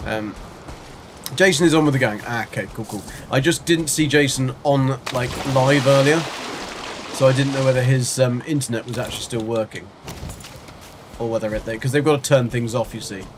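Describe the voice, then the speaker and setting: A man's voice: mid-range voice, normal speed, background noise. A man chatting casually while livestreaming a game, rambling and answering his chat as he plays. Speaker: game streamer. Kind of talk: casual live gameplay chat.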